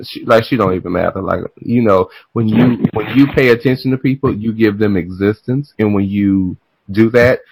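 A man hosting a casual, comedic chat, animated and swinging between loud exclamations and muttered asides. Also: fairly low pitch, slight background noise, poor audio.

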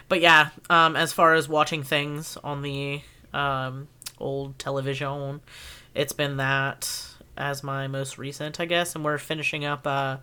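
女人，声音低沉而明亮，带鼻音. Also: female voice, low voice, little pitch movement, bright, forceful tone, clean tone. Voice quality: nasal from allergies. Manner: chatty, drawn-out storytelling with many "like"s. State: dry mouth, swollen sinus. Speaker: podcast co-host. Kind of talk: casual chat.

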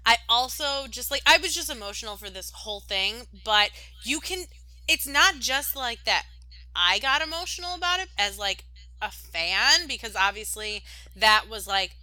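A young woman co-hosting a podcast, rambling warmly and with plenty of fillers in casual chat. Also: medium pitch, no room sound, poor audio. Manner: gushing, rambling, many "like"s. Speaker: podcast co-host.

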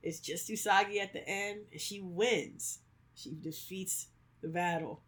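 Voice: medium pitch, unhurried. Chatty thirties podcaster acting out quotes. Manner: animated storyteller, acts out quotes, many "like"s; laughs often. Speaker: podcast co-host, creator of fictional worlds. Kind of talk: casual chat.

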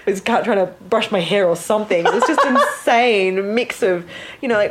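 A woman's voice: mid-range voice, moderate pace, hardly any pauses, a little hiss or hum. A woman, chatting animatedly and acting out what others said. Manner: animated storyteller, acts out quotes loudly. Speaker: guest telling her birth story. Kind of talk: casual interview chat.

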